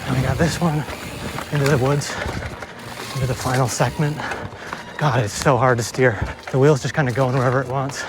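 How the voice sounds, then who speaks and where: A man's voice: mid-range voice, fairly even intonation, normal speed, noisy background. A young man vlogging while he rides a mountain bike through the woods, out of breath and swearing, joking about his own lack of skill. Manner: breathless, swearing, self-deprecating commentary. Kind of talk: casual narration while riding. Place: outdoors on forest trails.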